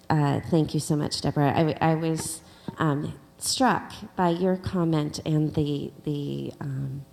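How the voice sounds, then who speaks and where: A low-pitched woman hosts the event, graciously thanking the speaker and making announcements to the audience. Her voice rings with a long hall reverb. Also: gravelly, a little mellow. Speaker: event host.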